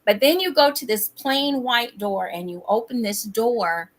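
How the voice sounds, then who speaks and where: A woman guest in a casual adult chat who laughs often as she tells stories in a drawn-out, expressive way. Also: a little high.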